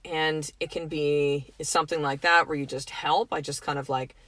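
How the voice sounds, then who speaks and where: A woman's voice: sits low, fairly even intonation, normal speed, a bit bright, no room sound. A middle-aged woman hosting her own podcast, talking in a casual, earnest, motivational way, full of fillers and the odd swear word. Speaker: podcast host. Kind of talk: motivational solo podcast talk.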